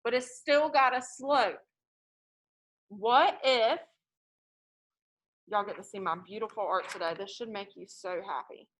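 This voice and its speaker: A woman teaching a math class in a classroom, lively and joking as she tells stories to her students. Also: mid-range voice, measured pace, long pauses.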